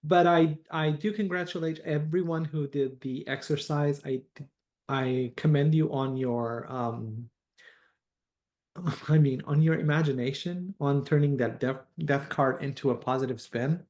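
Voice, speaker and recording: A man's voice: on the high side, a little slow, darkish tone. A man teaching tarot, telling a story from a reading in an online class, hesitant with many "uh"s and restarts, livelier when he quotes people.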